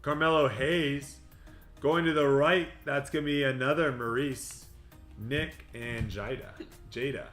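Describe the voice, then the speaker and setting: A man hosting a livestream card break, rattling off player names with quick joking asides. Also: mid-range voice, fairly even intonation, fairly bright tone. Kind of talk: livestream card-opening patter. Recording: echoey room with music behind.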